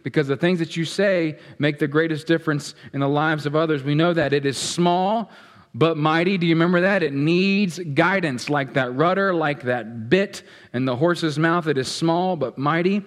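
A fairly high-voiced man preaches to his congregation, bantering and asking them questions as he goes. His voice rings out in a large church hall with a long reverb tail. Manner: conversational, playful, addresses congregation directly. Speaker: pastor. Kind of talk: sermon. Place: church sanctuary. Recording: echoey hall.

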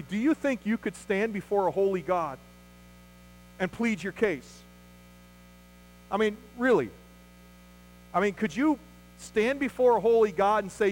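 A man's voice: high voice, a little hiss or hum, poor audio. A man preaching an Easter sermon as pastor, earnest, with rhetorical questions and acted-out quotes.

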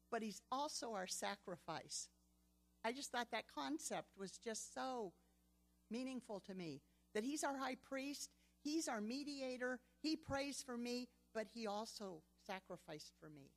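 An older woman teaching a Bible study, earnest and telling stories with quoted dialogue. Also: fairly high pitch.

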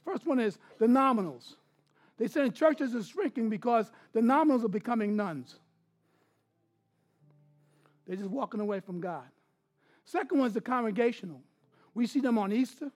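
A man preaching a sermon as pastor, dropping to hushed asides and then building to loud, emphatic bursts. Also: very high-pitched.

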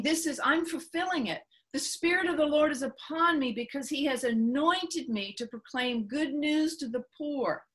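Woman preacher, high voice, unhurried earnest sermon delivery. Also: fairly bright tone. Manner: earnest, repeats phrases, slows for emphasis. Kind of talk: sermon teaching.

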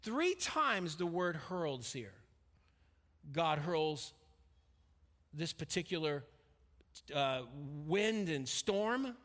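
High-voiced preacher in a reverberant hall. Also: male voice, very animated, drawn-out words, long pauses. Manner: emphatic, swings between raised and hushed delivery. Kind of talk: expository sermon on scripture. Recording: long reverb of a large hall.

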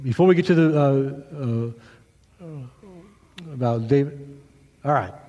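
A man's voice: mid-range voice, slow, dark tone, big-room sound, muffled recording. A man pastor giving a children's sermon, retelling a story with animation and asking the kids questions.

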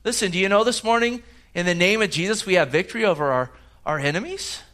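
A man's voice: high-pitched, animated, fast, pushed and bright. A man preaching a sermon as a pastor, emphatic and full of rhetorical questions. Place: church service.

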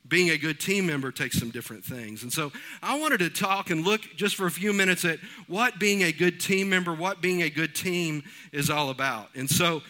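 A man preaching from the pulpit. His voice is high and very bright, with a ringing edge. He tells homespun stories in a folksy, animated way. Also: normal speed, hardly any pauses. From East Texas. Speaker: pastor. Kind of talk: sermon.

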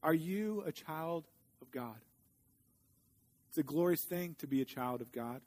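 High-voiced earnest male preacher. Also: animated, darkish tone. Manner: earnest preaching, slows for scripture. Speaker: pastor. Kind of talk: sermon.

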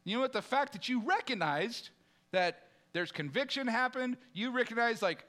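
A man's voice: very high-pitched, normal speed. A middle-aged male pastor preaching a casual, conversational sermon, talking straight to his congregation. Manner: animated, casual preaching with direct address to the congregation.

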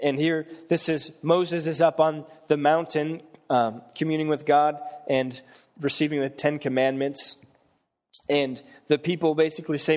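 Male preacher, slightly high voice, conversational sermon, long hall reverb. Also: little pitch movement, unhurried, darkish tone. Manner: retells Bible stories in plain conversational terms. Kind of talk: sermon with scripture reading.

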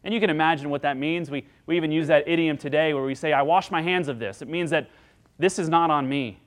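A pastor preaching a sermon to his congregation in an earnest manner, voicing the figures he quotes with rising pitch and loudness. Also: quick pace.

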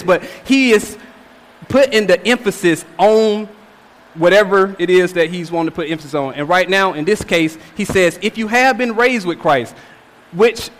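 Young male preacher, 20s, high voice, emphatic and repetitive, long hall reverb. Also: animated, moderate pace, a bit bright. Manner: emphatic, repeats phrases with rhetorical "all right?". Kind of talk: sermon.

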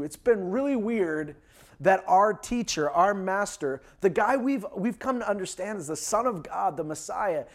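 A man preaching a sermon from Canada, talking in a conversational way with frequent fillers and restarts. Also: sits high. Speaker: pastor.

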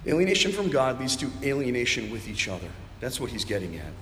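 A man's voice: mid-range voice, very animated, fast, fairly bright tone, a little hiss or hum. A man preaching a sermon as pastor, earnest, acting out prayers aloud, on a headset mic. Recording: very echoey hall, faint ambience.

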